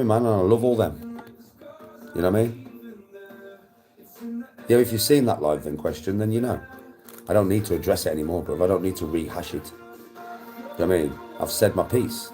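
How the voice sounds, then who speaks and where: Blunt, defensive man, low voice. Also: fairly quick, pauses often, mellow, faint music behind. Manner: blunt and defensive, swears often. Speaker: livestream host. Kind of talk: casual livestream chat.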